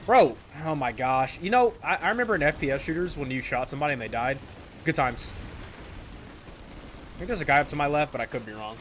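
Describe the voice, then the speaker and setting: A man talks over his shooter gameplay in a loose, rambling way, repeating phrases and joking at his own expense. His pitch sits in an ordinary middle range. Faint gunfire from the game runs underneath. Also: expressive, quick pace, fairly bright tone, a little hiss or hum. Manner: rambling, self-mocking, repeats himself. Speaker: gaming channel host. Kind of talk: casual gameplay commentary. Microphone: desk microphone in a squeaky chair.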